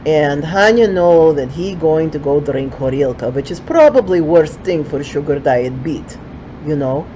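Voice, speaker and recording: Old ukrainian lady telling stories real slow, broken english, little asides, muffled kinda lo-fi sound. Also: deep voice, animated, mellow, slight background noise. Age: older. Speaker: storyteller. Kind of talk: folksy storytelling.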